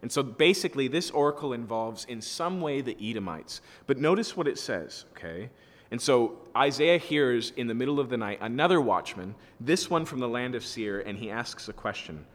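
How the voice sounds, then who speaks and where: This pastor, with a mid-range, expressive voice at a moderate pace, reads Bible verses aloud and explains them casually in an expository sermon, often checking that listeners are following. The sound carries the feel of a large room.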